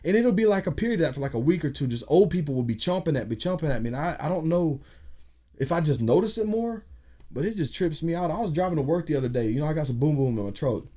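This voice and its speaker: A man's voice: fairly high pitch, lively intonation, fast talker, warm tone. A man, a podcast guest telling stories in casual, profane chat and acting out quotes.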